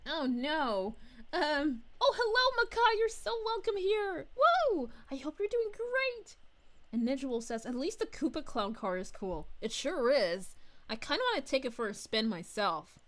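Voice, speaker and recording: A woman's voice: high voice, very animated, moderate pace, fairly bright tone. A woman voicing a bubbly, giggly young princess as a VTuber, reading chat aloud on a livestream with gushing chatter. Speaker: VTuber streamer.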